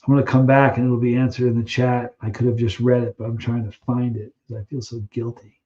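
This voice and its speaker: A man's voice: medium pitch, little pitch movement, brisk, mellow, muffled recording. A man hosting a casual live stream, chatting loosely with viewers, reading out their questions and trailing off while he searches for names.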